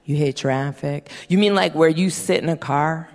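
A woman in her thirties doing a stand-up comedy set, blunt and profane, with sardonic deadpan punchlines. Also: sits low, normal speed. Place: stage before a live audience. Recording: hall reverb and faint hiss.

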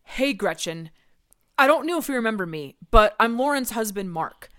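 A woman's voice: on the high side, lively intonation, normal speed, fairly bright tone, no room sound, clean studio sound. Woman playing an indignant, preachy husband. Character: protective husband, indignant and self-righteous. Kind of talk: comedy improv of social media comments.

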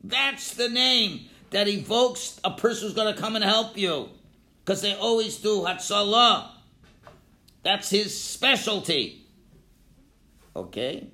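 Male Torah teacher, lively lecture delivery, bright and forceful tone, calls out examples loudly. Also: sits high, slow pace, long pauses. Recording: echoey room.

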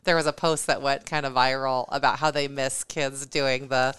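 A woman's voice: extremely low pitch, flat delivery, moderate pace, fairly bright tone, smooth. A middle-aged woman co-hosting a podcast in casual chat, telling self-deprecating stories with animation. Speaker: podcast co-host.

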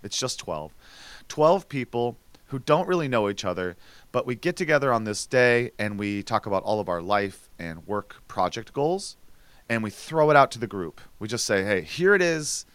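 A man's voice: on the low side, normal speed, no room sound. Chatty man, dry close mic. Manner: chatty, animated storytelling with restarts. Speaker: podcast co-host. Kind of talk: casual chat.

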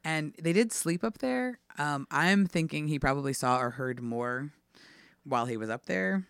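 A woman on a podcast telling a family ghost story in a relaxed way, with little laughs. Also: deep voice, normal speed, clean tone, dry recording. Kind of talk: casual chat.

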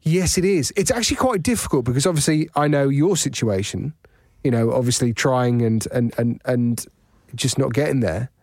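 A man co-hosting a podcast in casual chat, jokey and quick to laugh. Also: medium pitch, a little mellow, dry recording, clean studio sound. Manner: chatty, laughs often, jokey. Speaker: podcast co-host.

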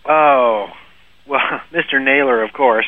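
A guest storyteller on a casual podcast tells a long, funny story, laughing often and restarting his sentences. He speaks slowly in a medium-pitched voice, and the recording is dry and lo-fi, like a phone.

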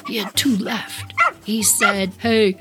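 A middle-aged woman hosting a podcast, telling a personal story in a chatty, animated way and talking straight to her listeners. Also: medium pitch, moderate pace, gravelly, music in the background. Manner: animated, chatty, addresses listeners as "you all". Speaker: podcast host.

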